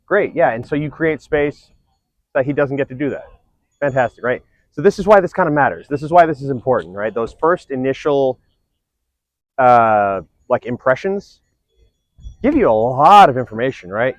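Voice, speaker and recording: A man's voice: mid-range voice, no echo. A man teaching combat analysis, explaining step by step and often checking in with "right?". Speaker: combat instructor. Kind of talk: teaching discussion. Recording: dull lo-fi recording.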